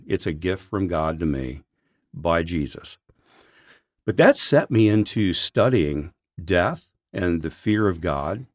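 A man's voice: low voice, no room sound, studio quality. A man who works as a senior pastor, telling a personal story on a podcast in an earnest, heartfelt way. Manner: earnest, heartfelt, animated in places.

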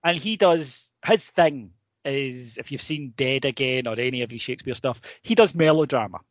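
A man, co-hosting a podcast, telling a rambling, sweary, animated story in casual comedic chat. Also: mid-range voice, normal speed, dry recording. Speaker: podcast co-host. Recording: dry, slightly muffled recording.

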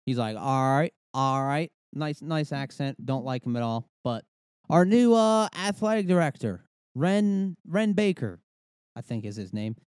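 A man's voice: fairly high pitch, big pitch swings, a little slow, a little mellow, clear, resonant tone, dry recording, studio quality. A young man hosting a podcast, ranting casually with swearing and rambling asides. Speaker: podcast host. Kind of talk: casual comedic rant.

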